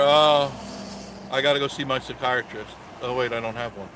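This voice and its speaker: A man's voice: mid-range voice, steady tone, moderate pace, fairly bright tone, a little hiss or hum, rough recording. A man in his sixties hosting a live stream, chatting casually and joking sarcastically as he reads viewer comments. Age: 60s.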